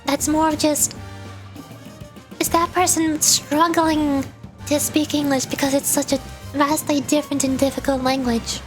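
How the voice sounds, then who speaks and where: Chatty high-voiced young woman streamer. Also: level tone, a little slow, faint music behind. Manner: chatty, rambling, laughs often. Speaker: VTuber streamer. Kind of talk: casual stream chat and game voice acting.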